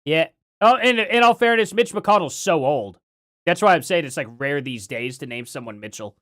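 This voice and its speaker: A man's voice: on the high side, lively intonation, normal speed, a bit bright. A man live streaming casual commentary, rambling with lots of fillers and chuckles.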